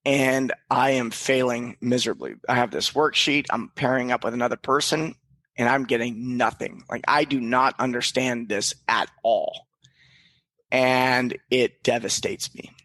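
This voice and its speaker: A man's voice: mid-range voice, fairly bright tone, no echo. A man guest on a podcast, telling a candid personal story in an earnest, reflective way, with casual swearing and frequent restarts.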